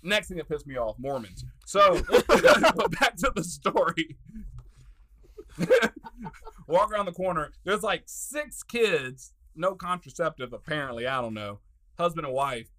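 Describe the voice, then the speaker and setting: Excitable high-pitched man telling a story. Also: a little slow. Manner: laughs through his stories, loud and profane. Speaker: podcast co-host. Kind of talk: casual storytelling chat.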